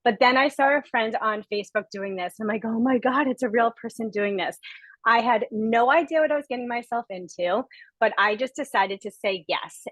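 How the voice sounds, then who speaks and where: Forties woman, emotional guest testimonial over a video call; earnest and gushing, bright-ish pitch, dry. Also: no echo, low-quality recording. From Rhode Island. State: close to tears. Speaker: guest speaker sharing a testimonial.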